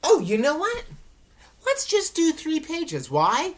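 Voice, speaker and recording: A woman's voice: high-pitched, wildly swooping pitch, slow. A woman teacher giving friendly instructions to her students in a recorded lesson.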